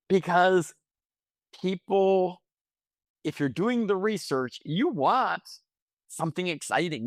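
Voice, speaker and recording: A male professor explains research in a higher, very lively voice that swings up and down. The sound is dry and close. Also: dry recording. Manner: animated, emphatic explaining. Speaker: professor, guest expert. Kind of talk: casual interview talk.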